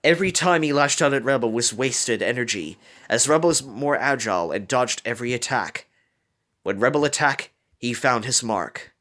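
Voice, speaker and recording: A man's voice: mid-range voice, lively intonation, normal speed, a bit bright. A man reading a fan story aloud, telling it dramatically with small slips. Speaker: reader.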